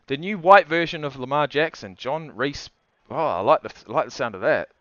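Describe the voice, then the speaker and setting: Young male streamer calling the game live, excitable, swears freely, high clear voice, dry close sound. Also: fairly quick, no echo, dull audio. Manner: excitable, swears, shouts at plays. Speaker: livestream commentator. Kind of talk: casual live game commentary.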